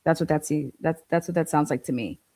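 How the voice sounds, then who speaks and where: A woman commentating on a true crime livestream, blunt and incredulous, swearing freely. Her voice is a touch low and mellow, with no sharpness in it. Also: brisk.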